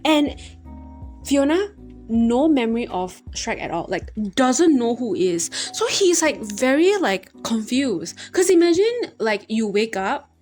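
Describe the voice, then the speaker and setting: A young woman recapping movies from memory in a rambling, animated way full of fillers. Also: a little high, measured pace, faint music behind. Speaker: vlogger.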